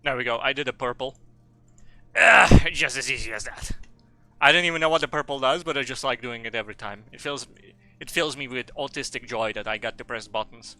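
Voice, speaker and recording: A man streaming a video game live, rambling and joking with profanity, with sudden loud excited bursts. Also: medium pitch, fast, few pauses, dry recording, soft background music. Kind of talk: casual live gameplay commentary.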